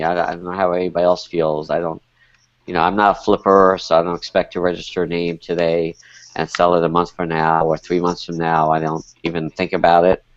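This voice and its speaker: A man's voice: low voice, no room sound, highs cut off. A man speaking as a panelist in a casual discussion, hedging often with filler phrases over a remote call. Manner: hedging, lots of "I mean, you know". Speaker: panelist, domain investor.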